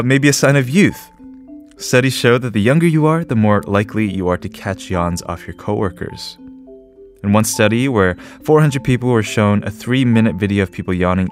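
A man hosting a radio show, reading a script and then chatting with jokes and small laughs. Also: lowish voice. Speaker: radio host. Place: radio studio. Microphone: studio microphone.

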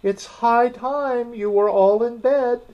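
A man's voice: very high voice, takes it slowly, pitched above the performer's own voice. A man voicing a timid mother canary calling to her children in a trembling voice in a storybook reading. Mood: anxious. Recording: dull lo-fi recording.

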